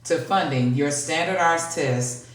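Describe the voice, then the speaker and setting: A woman's voice: sits low, unhurried. A woman speaking as an educator guest in a casual podcast conversation, explaining and clarifying background for listeners. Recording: echoey room, distant from the mic.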